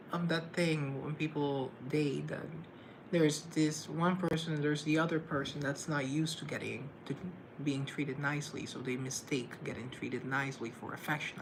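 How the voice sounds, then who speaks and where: A man's voice: on the high side, background noise. A man chatting casually on a live stream, self-deprecating and playfully sarcastic.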